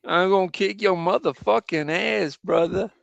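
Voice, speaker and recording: A man with a British accent voicing a brash, shouting American tough guy, high and drawn out. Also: racing, vocal fry, no room sound, dull audio, full character voice. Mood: threatening.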